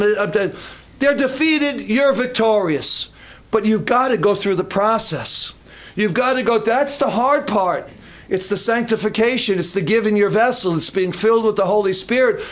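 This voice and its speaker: Older guy preaching, high voice, gets really animated with the voices. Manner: animated storytelling, acts out voices. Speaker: pastor. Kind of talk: sermon.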